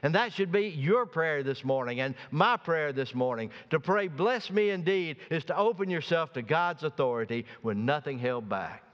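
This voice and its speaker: A pastor preaching a sermon, swinging from soft, slow passages to loud, emphatic ones. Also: male voice, fairly high pitch, animated. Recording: dull sound with long reverb.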